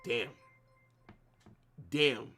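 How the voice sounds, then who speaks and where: A man's voice: drawn-out words, loud music behind the voice. A young man hosting a live football watch-along, ranting at his viewers with heavy profanity and lots of repetition. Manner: profane, ranting, repeats himself.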